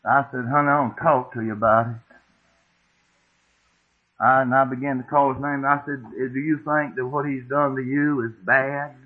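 Folksy preacher on tinny tape. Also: male voice, mid-range voice, level tone, normal speed, husky. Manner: folksy, homespun, asks the congregation questions. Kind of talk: sermon storytelling. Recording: tinny phone-like old tape.

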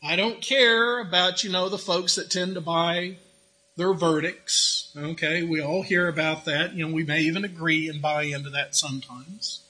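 A man's voice: fairly high pitch, fairly even intonation, normal speed, pushed and bright, breathy edge, rough recording. A man preaching a sermon in a conversational way, asking rhetorical questions and adding humorous asides. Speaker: pastor.

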